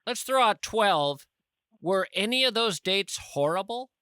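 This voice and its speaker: A man hosting a casual podcast chat, his voice bright and forward. He teases with wry, mock-outraged asides. The sound is dry and close, with no room around it. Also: high-pitched, expressive, unhurried, clean tone, no room sound. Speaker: podcast host.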